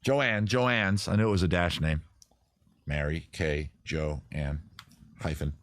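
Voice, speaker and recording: A man hosting a livestream from home, riffing on viewer questions in a rambling, crude, deadpan absurd way. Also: deep voice, slow pace, dry recording. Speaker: host. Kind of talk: improvised comic livestream answering viewers.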